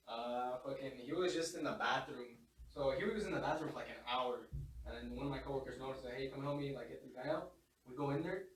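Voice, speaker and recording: A man's voice: medium pitch, quick pace, a little hiss or hum. A young man tells rowdy stories in a loose, profane way, laughing along with himself. His voice sits in a middle range and comes from some distance off the mic. The room around him is hollow and echoey. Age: young adult. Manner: swears a lot, laughs while telling stories. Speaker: podcast guest. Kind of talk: casual storytelling chat.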